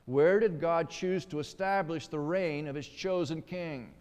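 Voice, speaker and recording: A man's voice: on the high side, a little slow, darkish tone. A man preaching a sermon, stressing key words and putting rhetorical questions to his listeners. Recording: long hall reverb.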